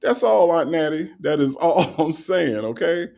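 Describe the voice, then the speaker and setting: Man, livestream host, gravelly, slightly high voice, teasing, laughs a lot. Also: a little slow, darkish tone. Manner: teasing, laughs often, repeats rhetorical questions. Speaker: livestream host reading chat. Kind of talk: casual live commentary.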